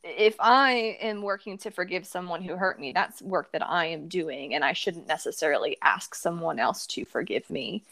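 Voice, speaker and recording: A woman's voice: fairly low pitch, expressive, moderate pace, creaky, hardly any pauses, a bit bright. A woman co-hosting a counseling podcast, chatting in a friendly, agreeing way and setting up examples for discussion. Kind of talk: conversational podcast advice.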